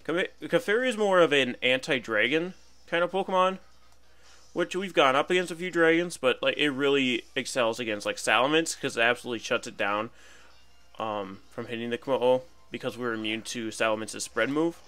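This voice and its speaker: A man's voice: mid-range voice, a little fast, sharp tone, soft background music. A young man casually commentating his own battle game, chatty and playful, thinking aloud about each move. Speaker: gaming commentator.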